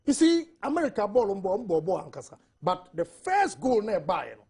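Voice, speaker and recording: A man's voice: sits high, big pitch swings, fairly quick, vocal fry, a little mellow. A Ghanaian man speaking emphatically on a TV panel, switching between Twi and English. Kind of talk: TV studio panel discussion.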